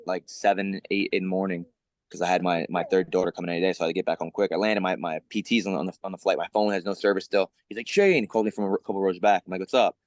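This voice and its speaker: A man in his thirties, a fighter on a media call, talks quickly in a low voice. He repeats words as he gets fired up and swears often. The sound is dry and close. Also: no room sound. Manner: excited, profane, repeats words. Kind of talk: casual press call talk.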